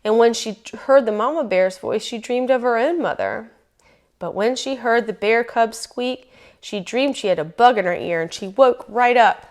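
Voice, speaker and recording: A woman reading a children's picture book aloud, lively and folksy in her telling. Her voice sits a little on the high side. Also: normal speed. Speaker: storyteller.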